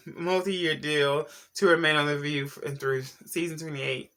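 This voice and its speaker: A man's voice: fairly high pitch, fairly even intonation, normal speed, hardly any pauses, bright, forceful tone. A man hosting a casual celebrity gossip vlog, sassy and slangy, talking straight to his viewers. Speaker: YouTube pop culture host.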